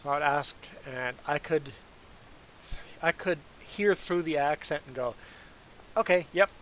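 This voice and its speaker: Measured in pace, with a slightly high, somewhat bright voice, the German-speaking Canadian trucker fields viewer chat during a livestream. He rambles casually and laughs frequently. There's a little hiss or hum on the rough recording.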